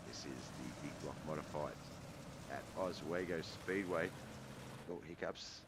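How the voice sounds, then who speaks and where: Deep-voiced man calling sim races. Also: a little slow, noisy background. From Australia. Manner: laid-back play-by-play, thinking aloud. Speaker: race commentator and streamer. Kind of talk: sim racing commentary. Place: home streaming setup.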